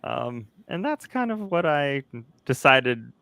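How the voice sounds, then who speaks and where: A man's voice: a little high, big pitch swings, slow, sharp tone, no room sound. A man co-hosting a casual livestream, joking and chuckling as he greets chat. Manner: jokey, self-deprecating, chuckles often. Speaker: livestream co-host.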